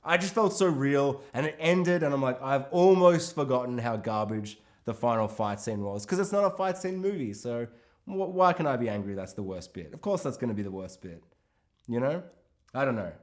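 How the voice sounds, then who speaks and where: A man's voice: medium pitch, brisk. A man co-hosting a podcast, chatting casually about a film, swearing freely and slipping into voices for the characters. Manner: animated, swearing, acts out characters in quotes. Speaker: podcast co-host.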